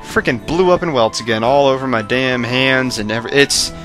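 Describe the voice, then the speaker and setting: A young man rambling casually over his gameplay footage, self-mocking and prone to excited outbursts, his voice tiring late at night. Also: medium pitch, fairly quick, music in the background. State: voice going hoarse late at night. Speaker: let's play host.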